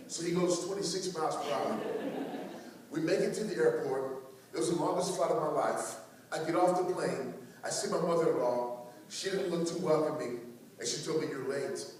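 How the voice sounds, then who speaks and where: A man giving a keynote talk to teachers, telling personal stories with animated humor. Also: fairly high pitch. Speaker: speaker. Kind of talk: storytelling keynote speech. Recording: echoey hall recording from far off, faint noise.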